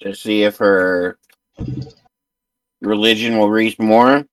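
A man playing a tabletop game, matter-of-fact and focused. His voice sits a bit low. The sound is dry and picked up from a distance. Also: level tone, slow, smooth, no room sound. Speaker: player.

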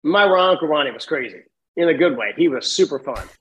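Middle-aged male podcast guest, animated storyteller with a somewhat high voice. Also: fast talker, crowd noise, poor audio. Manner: animated, laughs often, acts out voices. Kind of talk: casual storytelling.

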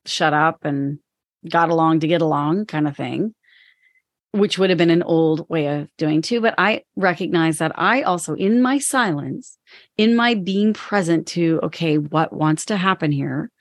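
A woman's voice: sits low, unhurried, no echo, clean studio sound. A woman co-hosting a podcast conversation, speaking candidly and reflectively, sometimes acting out her own inner voice. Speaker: podcast co-host and business owner.

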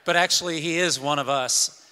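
A man's voice: on the high side, moderate pace, pushed and bright, smooth. A man, the pastor, addressing his congregation with a jokey introduction of a guest. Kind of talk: announcements to congregation. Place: church sanctuary. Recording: hall reverb with crowd.

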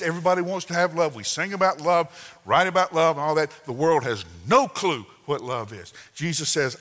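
A man in his sixties preaching a sermon, telling folksy family stories with sudden loud outbursts and soft asides. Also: a little high, lively intonation, moderate pace. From Southern United States. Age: 60s. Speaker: pastor. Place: church sanctuary. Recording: long hall reverb.

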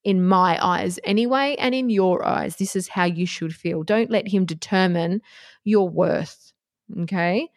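A woman's voice: fairly low pitch, unhurried. A woman talking bluntly and passionately as she gives relationship advice, swearing freely along the way. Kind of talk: casual advice monologue.

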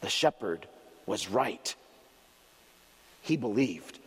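Male pastor, children's sermon storytelling, lively swooping pitch, long reverb from a big hall. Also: slightly rough. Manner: expressive storyteller with dramatic pauses.

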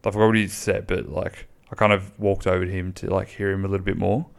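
A man's voice: sits low, level tone, fast, creaky. A man, chatting casually and bluntly on his own podcast, rambling and swearing freely. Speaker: podcast host. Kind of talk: casual solo podcast chat.

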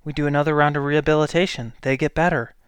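A man who works as a healthcare provider delivers a blunt, exasperated monologue, pressing each point hard. His voice sits a little high and sounds smooth and resonant. The recording is dry and close, with no room echo. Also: fairly even intonation, fast. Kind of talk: opinion monologue.

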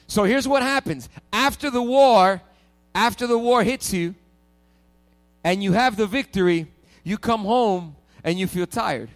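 Male pastor, high voice, playful emphatic preacher, soft music behind. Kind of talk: sermon.

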